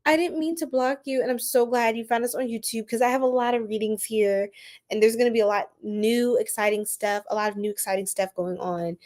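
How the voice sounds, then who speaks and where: A woman reading tarot on a live stream and chatting with her viewers as she goes. Her voice sits a little high, and her talk is loose and animated, with "like" dropped in all the time. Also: fairly quick. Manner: chatty and animated, says "like" often, reads chat aloud.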